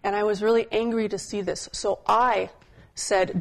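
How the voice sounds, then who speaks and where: A woman giving a sermon as a pastor, telling stories in a conversational style and slowing down to stress key points. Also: medium pitch, steady tone. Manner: conversational storytelling preaching, slowing for emphasis.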